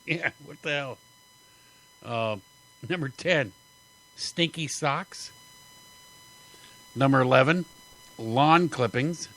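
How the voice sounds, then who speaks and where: A man's voice: medium pitch, a bit bright, rough recording. A man hosting a talk radio show, chatting casually and laughing often between jokey asides. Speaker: radio host.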